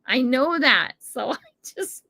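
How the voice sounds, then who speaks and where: A woman's voice: high voice, expressive, slow pace, creaky, sharp tone. An older American woman hosting a livestream, chatting casually with viewers and laughing often. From United States. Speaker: livestream host reading chat. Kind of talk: casual chat.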